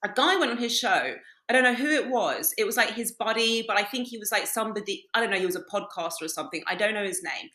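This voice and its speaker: A woman's voice: medium pitch, lively intonation, fast, hardly any pauses, pushed and bright, roomy sound. A woman, a podcast guest who tells stories bluntly, swears freely and laughs often. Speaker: podcast guest, dating coach. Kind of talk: casual podcast conversation.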